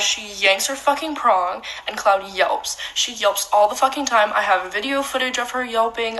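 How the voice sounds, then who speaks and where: A woman's voice: medium pitch, pushed and bright, echoey room, poor audio. A young woman ranting angrily and profanely, full of "like" fillers, about another dog owner. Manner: heated, profane, filler-heavy. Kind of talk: angry vlog rant.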